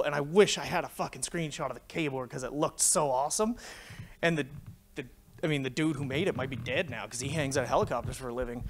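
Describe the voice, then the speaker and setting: A man's voice: medium pitch, quick pace. A Canadian man in his forties giving a conference talk, telling a tech story full of swearing. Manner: swears freely, animated storytelling. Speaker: conference speaker. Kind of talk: profane anecdotal tech talk.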